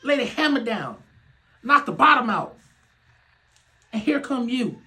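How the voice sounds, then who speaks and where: A young man hosting a podcast, ranting in a loose comedic way. He laughs often, swears freely and swings from loud outbursts to low muttering. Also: very animated, a little slow, low-quality recording. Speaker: podcast host. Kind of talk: casual comedic rant.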